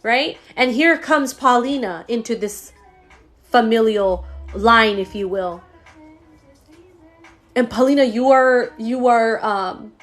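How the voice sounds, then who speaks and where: A woman with a slightly high voice gives a psychic reading on a live stream, talking into her phone. She speaks in a casual, slangy way, swears freely and addresses the viewer directly. She is open about her feelings as she reads. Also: slow, pauses often, fairly bright tone, soft background music. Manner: emotional, laughs often while reading. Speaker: psychic medium.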